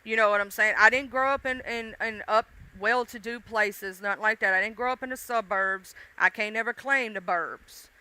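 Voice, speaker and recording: A woman's voice: medium pitch, moderate pace, few pauses, bright, forceful tone, clear, resonant tone, no echo. A woman with a mixed Southern US accent, hosting a casual live stream and chatting straight to her viewers in a folksy, casually profane way. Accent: Southern US, mixed country and urban. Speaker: livestream host.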